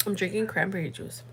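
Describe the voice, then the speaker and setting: Broadcasting live from her home at night, a young female host talks directly to her audience in a lively, slang-filled way. Her pitch is medium, and there's noise in the background.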